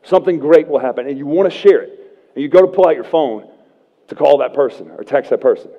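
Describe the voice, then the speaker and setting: A man in his thirties preaching a sermon in a relaxed, joking style, often checking in with "right?". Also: on the high side, fast. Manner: conversational and humorous, often asking "right?". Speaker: pastor. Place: church sanctuary. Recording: dull church livestream with long reverb.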